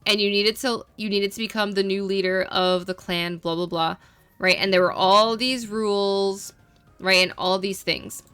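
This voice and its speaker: A woman's voice: mid-range voice, fairly even intonation, normal speed, fairly bright tone, clear, resonant tone, dry recording, faint music behind. A young adult woman streamer chatting casually with viewers, rambling and repeating herself, filling with "like".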